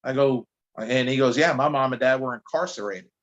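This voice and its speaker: A man's voice: medium pitch, fairly quick, muffled recording. Chatty New man telling stories. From New Jersey. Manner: animated, chatty, stumbling restarts. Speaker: podcast guest, anti-drug speaker. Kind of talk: casual storytelling.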